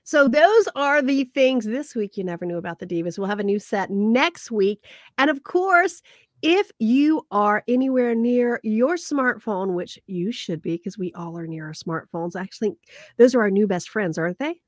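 A woman co-hosting a podcast in casual chat, animated, acting out quotes and laughing often. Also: mid-range voice, normal speed, dry recording, studio quality. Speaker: podcast co-host.

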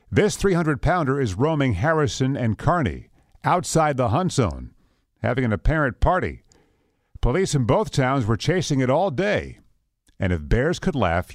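A man's voice: medium pitch, dry recording, clean studio sound. A man reading the morning radio news as anchor, playful, with a bit of rhyme. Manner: lively, playful delivery with rhymes.

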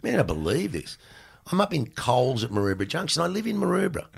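An Australian man in his sixties, a former cricketer, telling animated stories in casual chat and swearing freely. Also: on the high side, fast, creaky, breathy edge. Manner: animated, acts out exchanges in raised voice, swears freely. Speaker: podcast guest, former cricketer.

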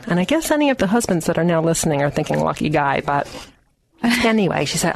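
Lively storytelling woman, low voice. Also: a little fast. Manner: lively, acts out quoted people with a raised voice. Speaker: author guest. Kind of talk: animated storytelling in an interview.

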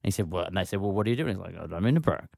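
A man's voice: low-pitched, animated, rapid-fire, gravelly, darkish tone, no room sound. Aussie radio guy spinning a funny story, voice jumps all over, dry studio sound. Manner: storytelling, acts out quoted voices, jokey. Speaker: radio co-host. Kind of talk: casual radio chat.

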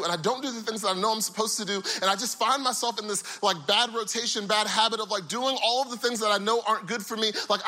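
Young male pastor, high bright voice, animated sermon delivery that acts out the characters. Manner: animated storytelling, voicing characters with big pitch swings.

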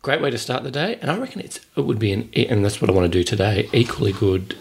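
Man, podcast co-host, low gravelly voice, rambling and easygoing. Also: animated, quick pace. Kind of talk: casual podcast chat.

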